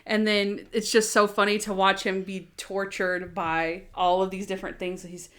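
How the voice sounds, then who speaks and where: A woman co-hosting a podcast in casual chat, retelling scenes in an animated, giggly way. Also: medium pitch, moderate pace, clear, resonant tone. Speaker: podcast co-host.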